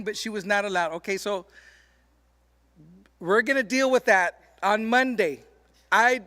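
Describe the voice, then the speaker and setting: A man presenting awards at an alumni reception, talking informally and leaning on a steady stream of "okay". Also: sits high. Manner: informal, peppers speech with "okay". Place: indoor reception event.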